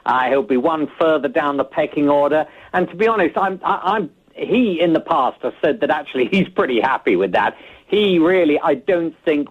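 A male correspondent calling in over the phone, giving measured, thoughtful analysis with many hesitations. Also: on the high side, breathy edge. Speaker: foreign correspondent. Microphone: phone line. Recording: tinny phone line.

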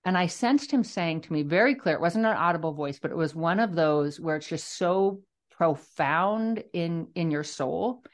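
A middle-aged woman with a low voice shares a personal testimony on a podcast. She tells it earnestly and reflectively, pausing and restarting her sentences as she thinks. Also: expressive. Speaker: guest author sharing her testimony.

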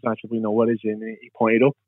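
A man from England, guesting in a casual interview, rattles off rambling stories in a rapid-fire monotone on the low side, acting out the voices of the people he describes. There's no echo; the recording is dry and phone-like and tinny.

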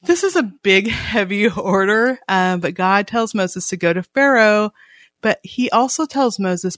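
A woman's voice: medium pitch, expressive, a little slow, a bit bright, dry recording, clean studio sound. A woman in her thirties or forties co-hosting a podcast, chatting casually about a Bible reading, laughing often and reading scripture aloud. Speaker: podcast co-host.

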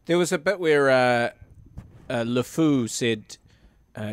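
A man in casual film chat with a dry, wry delivery that often trails down into a low mutter. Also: steady tone, slow, pauses often, no room sound.

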